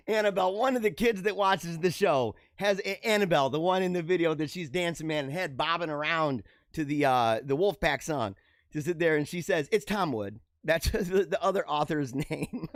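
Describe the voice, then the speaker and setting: A man's voice: fairly high pitch, no room sound, studio quality. A middle-aged man hosting a show, giving rambling, joking commentary on the news and laughing often. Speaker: show host.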